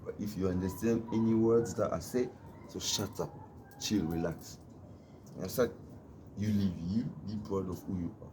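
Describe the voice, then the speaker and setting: A man from Africa with a very deep voice speaks into a phone outdoors in the cold, with plain street ambience behind him. He delivers a rambling, emphatic monologue and repeats himself to drive his point home. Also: steady tone, moderate pace, noisy background. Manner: preachy, emphatic, repetitive. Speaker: vlogger.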